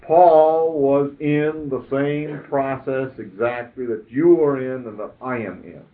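An older man preaching a sermon in a conversational, emphatic way, asking rhetorical questions. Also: mid-range voice. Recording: tinny phone-like audio.

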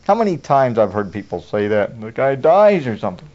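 A man's voice: mid-range voice, big pitch swings, fairly quick, a little mellow. A man preaching a conversational sermon in a folksy, homespun way, often chuckling as he talks. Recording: dull lo-fi recording.

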